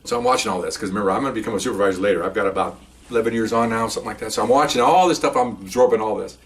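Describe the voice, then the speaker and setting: Older retired cop storyteller, rapid and animated, recorded a bit away from the mic. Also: male voice, fairly low pitch, distant mic. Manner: animated, laughs while telling, acts out voices. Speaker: retired police officer. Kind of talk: casual storytelling.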